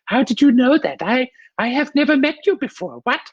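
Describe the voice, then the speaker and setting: A man's voice: very animated, moderate pace, full character voice. A blunt, shrieking middle-aged mother with a thick German accent, as a man impersonates her, her voice jumping far above his own. She fires off insults in a brash, strident tone. The sound is dull and lo-fi with no room echo. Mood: baffled. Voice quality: shrill, brash.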